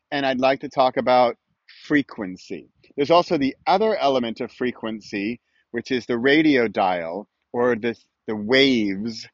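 A man's voice: medium pitch, dry recording, muffled recording. Chatty, easygoing man talking to camera. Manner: relaxed, chatty, rambling. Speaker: podcast host. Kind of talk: casual weekly video chat. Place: outdoors with a morning view.

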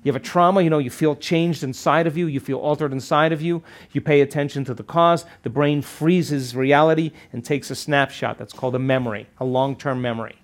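A man's voice: on the high side, fairly quick, few pauses. A man teaching a seminar to a live audience, often checking in with rhetorical questions and acting out quoted voices. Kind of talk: live workshop lecture.

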